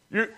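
A man preaching a sermon, telling a story dramatically and calling the congregation friends. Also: pushed and bright.

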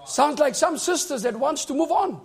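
A male preacher delivering a fervent sermon, often shouting and calling on the congregation for amens. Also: very high-pitched, animated, normal speed, vocal fry.

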